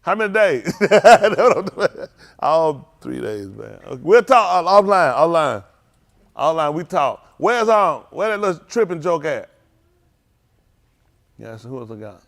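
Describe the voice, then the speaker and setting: High, lively teasing man. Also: a little slow, vocal fry. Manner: playful, teasing, banters with the audience. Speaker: youth teacher at a congregation. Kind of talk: casual teasing talk with young people before a Bible lesson.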